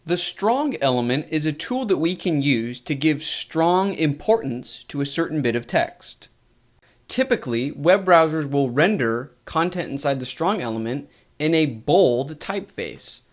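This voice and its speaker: Man, coding instructor, lively pitch, slightly higher voice, methodical tutorial narration. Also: unhurried. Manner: clear, methodical explanation. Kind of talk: screen-recorded tutorial narration.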